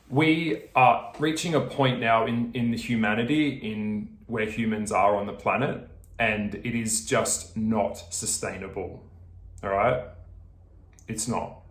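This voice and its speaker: Ranting Australian man, echoey room. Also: fairly low pitch. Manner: swearing, ranting, laughing, addresses viewers directly. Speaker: video creator. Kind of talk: casual vlog chat.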